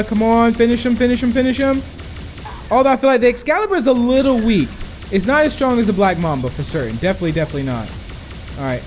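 A young man with a high, bright voice commentates his own shooter match, chatting to viewers and breaking into excited whoas and cheers. Faint music plays under him while he talks into a desk mic. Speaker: gaming YouTuber. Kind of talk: live gameplay commentary.

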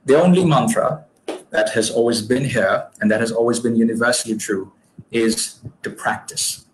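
A man's voice: mid-range voice, moderate pace, a little hiss or hum, poor audio. A man from Bangladesh answering viewers' comments in a live-stream English lesson, patient and polite, with many fillers and restarts.

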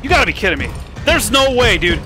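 A man giving live commentary while playing a horror game, excitable, swearing and yelping at scares. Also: high-pitched, quick pace, over music.

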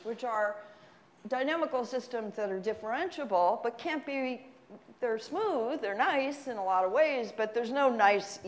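A woman giving a university math lecture in a relaxed, chatty way with self-deprecating asides. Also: mid-range voice. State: slightly winded from running. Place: lecture hall. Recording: long hall reverb.

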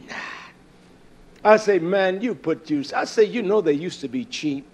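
A man's voice: high-pitched, very animated, brisk, slight background noise. A man preaching a sermon, telling folksy stories and acting out the quoted dialogue.

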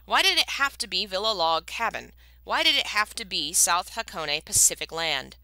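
A woman reading a book aloud and voicing an excitable, brash man who wails and blurts out ideas. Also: mid-range voice, moderate pace, no echo. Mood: eager. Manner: loud, excitable. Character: excitable brash man, wailing then sudden insight.

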